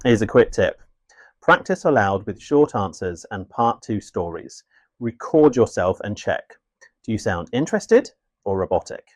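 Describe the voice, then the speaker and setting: A man narrating a scripted English lesson in a clear, measured, instructive way. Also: on the low side, very animated, dry recording, clean studio sound. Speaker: English teacher.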